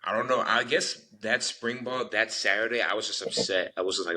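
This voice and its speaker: A man's voice: on the low side, fairly even intonation, fairly quick, sharp tone. A young man from Texas, an interview guest telling his story earnestly and rambling, acting out what others said. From Texas, United States. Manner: earnest, rambling, acts out quoted dialogue.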